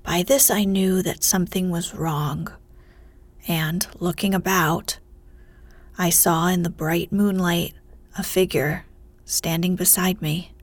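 A woman reading a fairy tale aloud in a soft voice that often drops to a whisper, in whispered storytelling. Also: on the low side, steady tone, slow, no echo.

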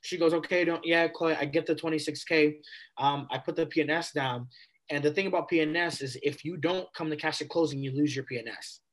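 A man in his twenties, a podcast guest, telling a story in a casual, animated way and replaying conversations with casual slang. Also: a little high, brisk. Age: 20s.

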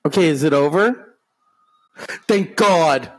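A fairly high-voiced man riffs sarcastically over a broadcast he is watching at home. He heckles in a crude, mocking way and breaks into theatrical gasps. His delivery is loose and podcast-casual. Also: animated, slow. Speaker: podcast host. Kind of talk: mocking running commentary on a TV broadcast.

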